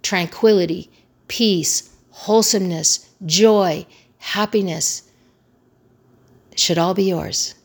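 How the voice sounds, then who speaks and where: Earnest woman with a lowish voice coaching. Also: takes it slowly, vocal fry, pauses often. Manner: earnest, repeats key phrases for emphasis. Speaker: crisis communication trainer. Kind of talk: motivational teaching talk.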